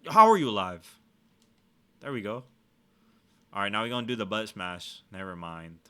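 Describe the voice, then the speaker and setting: A man giving casual let's-play commentary, swearing a lot and trash-talking with excitable energy. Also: on the low side, moderate pace, clear, resonant tone. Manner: profane, excitable trash talk. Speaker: gaming streamer.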